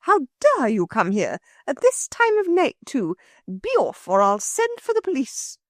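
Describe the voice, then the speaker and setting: A woman playing a shrill scolding matron, high swooping voice, dry close sound, storybook. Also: huge pitch swings, measured pace, no room sound, full character voice. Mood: furious. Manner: shrill scolding, then gushing. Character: sour woman turned sweetly jolly.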